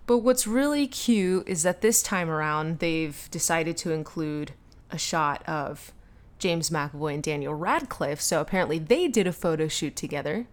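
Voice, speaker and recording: A woman's voice: sits low, animated. A woman co-hosting a fan podcast, chatting casually, giggly and gushing. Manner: giggly, gushing, talks fast. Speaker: podcast co-host.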